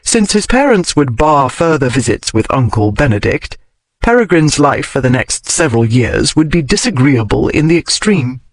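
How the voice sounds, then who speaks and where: A man narrating a historical romance audiobook in an expressive storytelling manner. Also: mid-range voice, normal speed, dry recording, poor audio. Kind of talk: scripted narration.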